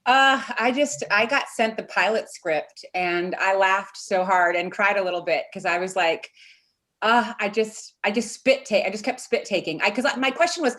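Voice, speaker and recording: Woman guest, mid pitch, halting delivery with laughs. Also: a bit bright. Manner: laughing, halting, many restarts. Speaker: actress guest on a TV interview. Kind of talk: interview chat.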